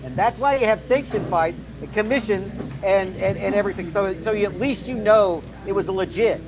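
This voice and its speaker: A man's voice: sits high, normal speed, background noise. A man co-hosting a combat sports talk show, skeptical and repeating himself as he thinks aloud. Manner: skeptical, talks through restarts and hedges. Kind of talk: casual combat sports commentary.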